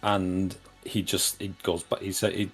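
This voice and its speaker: A man's voice: low voice, little pitch movement, unhurried, slightly rough, faint music behind. A man running a tabletop game as game master, narrating in a hesitant way with many fillers and restarts.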